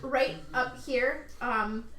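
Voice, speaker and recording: A woman's voice: on the high side, fairly even intonation, extremely slow, crowd noise. A woman narrating a tabletop game as game master, hesitant and full of fillers, recorded in a roomy space from a distance. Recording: roomy room mic, far off, faint noise.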